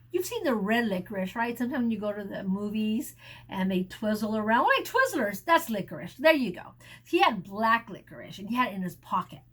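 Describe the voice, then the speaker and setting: Woman teacher, reading aloud to children, explains words, slow, high. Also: slightly rough. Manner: animated, sound effects and asides.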